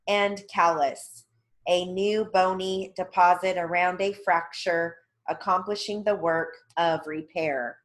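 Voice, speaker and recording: A woman with a fairly low voice reads dictation practice for court reporters. She speaks slowly, in a measured and deliberate way, and enunciates each term clearly. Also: fairly even intonation. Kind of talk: steno dictation practice reading.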